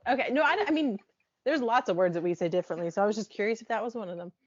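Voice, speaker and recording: A woman's voice: medium pitch, racing, highs cut off. A woman co-hosting a podcast in casual chat, asking curious questions and laughing often. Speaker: podcast co-host.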